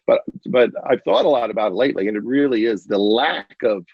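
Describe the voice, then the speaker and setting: A man with a husky, slightly raspy voice, speaking as a guest in a casual chat. He works through his points in an earnest, thoughtful way. The audio is dull and lo-fi, and the sound is dry. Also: medium pitch, animated, brisk, no echo. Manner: earnest, reflective. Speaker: podcast guest. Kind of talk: casual conversation.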